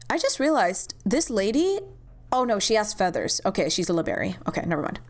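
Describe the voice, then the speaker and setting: A woman's voice: mid-range voice, big pitch swings, a little fast. A woman streamer making casual, self-mocking asides while voicing a game's cutscenes. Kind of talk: casual commentary while playing a game.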